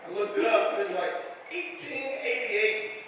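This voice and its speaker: A stand-up comedian with a high, bright voice, working through a loose, profane set and shouting his punchlines. He sounds distant from the mic, with heavy echo from a roomy hall. Faint room ambience sits underneath him. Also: lively intonation, normal speed, slight background noise. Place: comedy club stage. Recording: echoey room from far off.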